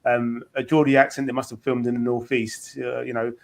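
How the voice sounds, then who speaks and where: A man's voice: medium pitch, little pitch movement, a little fast, gravelly. A man with an East London accent hosting an interview, repeating words as he thinks aloud. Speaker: podcast host. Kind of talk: interview chat.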